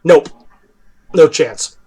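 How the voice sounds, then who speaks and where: A man narrating a tabletop game as dungeon master, lively and laughing often. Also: drawn-out words, poor audio.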